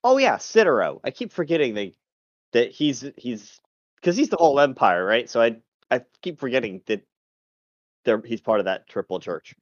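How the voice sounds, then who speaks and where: A man's voice: medium pitch, big pitch swings, normal speed, no room sound, muffled recording, natural voice. A man playing a captured captain of a lord's guard, answering questions in a plain, matter-of-fact way.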